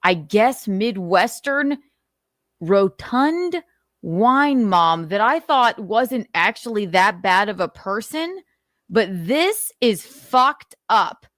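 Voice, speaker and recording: A woman's voice: medium pitch, big pitch swings, slow pace, fairly bright tone, dry recording, studio quality. A woman hosting a livestream, ranting angrily with constant swearing and repeated rhetorical questions, at times choked up. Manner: angry, profane, repetitive rhetorical questions. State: choked up with emotion. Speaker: livestream host. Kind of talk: heated commentary rant.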